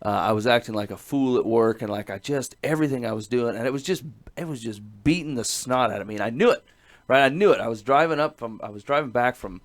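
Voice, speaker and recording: A man's voice: mid-range voice, fast talker. A middle-aged man, a podcast host, telling a personal story in casual chat, earnest and rambling, laughing often between phrases.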